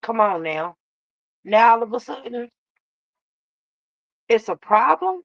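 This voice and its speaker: A woman hosts a casual live reaction stream in a drawling, sassy way, calling her viewers baby and love. Her voice sits a little high. The sound is dry and close, with a dull, lo-fi edge. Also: very animated, slow pace, gravelly, long pauses, no echo. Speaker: reaction channel host.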